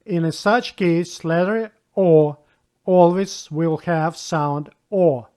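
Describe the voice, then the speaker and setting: Slow, patient man teaching a language lesson. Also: on the high side, a little mellow, clear, resonant tone. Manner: patient, spells out rules and repeats example words.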